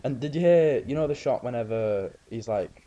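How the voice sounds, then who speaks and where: A man's voice: medium pitch, animated, normal speed, dark tone, dull audio. A man chatting casually about films, rambling through anecdotes.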